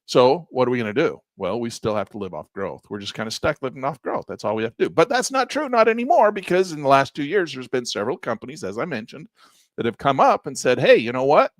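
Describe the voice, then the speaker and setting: Lively man talking money, dry sound. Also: mid-range voice, fast, no echo. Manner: animated, emphatic, repeats himself. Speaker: investing channel host. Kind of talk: casual talk to viewers.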